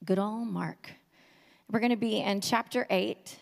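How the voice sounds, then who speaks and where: A woman's voice: mid-range voice, a little slow, creaky. A woman, giving a joking, conversational sermon as a guest speaker and urging the audience to talk back. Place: church sanctuary. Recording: long reverb from a hall.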